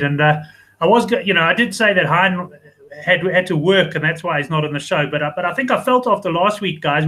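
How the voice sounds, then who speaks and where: A man's voice: a little high, pushed and bright, rough recording. A man hosting a casual sports betting chat show, chatty and rambling with frequent restarts. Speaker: host.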